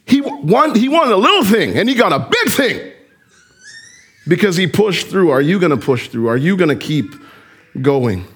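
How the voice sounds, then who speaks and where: A male pastor preaching with a high, lively voice that swings up and down. His tone has a husky edge, and he often turns to the listeners with direct questions. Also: normal speed. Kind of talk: sermon.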